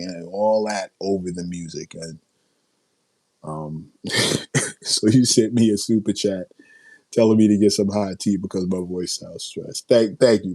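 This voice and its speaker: Man, livestream host, deep low voice, strained and tired-sounding, restarts his sentences, dry sound. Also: a little mellow, dry recording. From South Jamaica, Queens, New York. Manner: reading and answering viewer chat, with self-interrupting restarts. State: strained voice after a long night of yelling. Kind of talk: casual livestream commentary.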